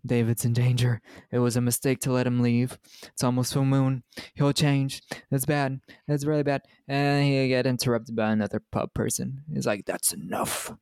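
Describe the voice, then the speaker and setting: A man's voice: mid-range voice, little pitch movement, normal speed, few pauses, a little mellow, clean tone, dry recording, studio quality. A man co-hosting a podcast, casually retelling a film's scenes and laughing often as he goes. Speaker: podcast co-host. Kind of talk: casual movie recap chat.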